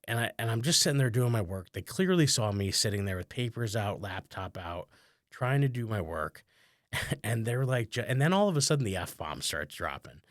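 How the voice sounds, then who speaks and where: A man's voice: on the low side, fairly bright tone, no room sound, clean studio sound. A male comedian and podcast host telling a story in casual chat, rambling and conversational with lots of "like" fillers, chuckling often and mocking himself a little.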